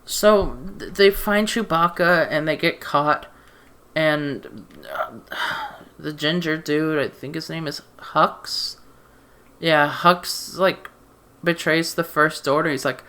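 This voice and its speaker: A man's voice: on the high side, takes it slowly, pushed and bright, smooth. A man ranting about a movie in a casual, rambling way, stammering through restarts and sounding exasperated and sarcastic. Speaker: movie reviewer. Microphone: desk mic.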